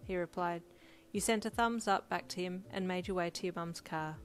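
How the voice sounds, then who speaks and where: Woman reading a fan fiction story, steady narration, lowish voice, soft music underneath. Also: moderate pace. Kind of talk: second-person story narration. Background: faint music.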